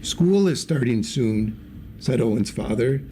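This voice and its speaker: Mellow man reading a picture book. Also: medium pitch, unhurried, slight background noise. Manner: lively storybook reading with character voices. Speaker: story reader.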